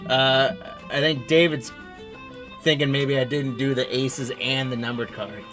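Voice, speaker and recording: A man's voice: mid-range voice, fairly even intonation, unhurried, a bit bright, soft background music. A man hosting a live trading card break stream, reading out player names and teams in a running patter and chatting with viewers.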